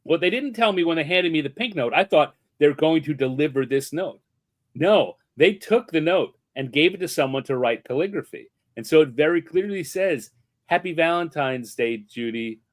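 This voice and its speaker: Man, guest storyteller; animated delivery, voices the quotes, sits a bit high. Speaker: guest artist and podcaster. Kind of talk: anecdotal storytelling in conversation.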